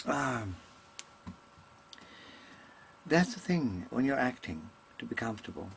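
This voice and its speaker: Gravelly and medium-pitched, this man's voice swings widely in pitch at a normal speed, with a little hiss or hum in the recording. The actor's comic monologue to a webcam is rambling and hesitant, peppered with ums and self-corrections and delivered in stylized stage diction.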